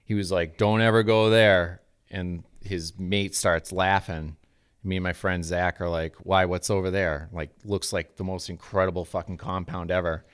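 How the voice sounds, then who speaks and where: A man's voice: deep voice, little pitch movement, normal speed, smooth. A man in his thirties from New England, telling a casual, profane story as a podcast co-host.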